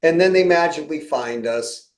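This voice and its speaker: A man's voice: a little high, normal speed, roomy sound, poor audio. A middle-aged man hosting a podcast, telling stories in a casual way and acting out quoted conversations. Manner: storytelling, acts out quoted exchanges with laughs. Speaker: podcast host.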